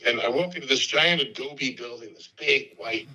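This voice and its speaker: A man in his sixties hosting a podcast, telling animated anecdotes and slipping into put-on voices. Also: medium pitch, normal speed, low-quality recording. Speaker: podcast host. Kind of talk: casual storytelling interview.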